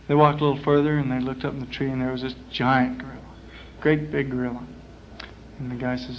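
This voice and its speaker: A man on a small club stage, telling a long shaggy joke in a loose, drawling way, with lots of pauses and fillers. His voice sits in a middle range. The recording is muffled and dull, like a 1960s live tape, with a faint hiss behind it. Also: mid-range voice, level tone, gravelly. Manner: casual, drawling, full of "uh" fillers. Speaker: performer telling jokes on stage.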